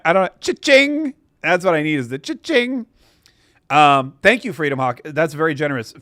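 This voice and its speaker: A man's voice: fairly high pitch, a bit bright, dry recording, clean studio sound. An American man in his forties hosting a live stream, telling a long rambling story with many restarts. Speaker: host of a live stream show. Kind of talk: casual live-stream chat.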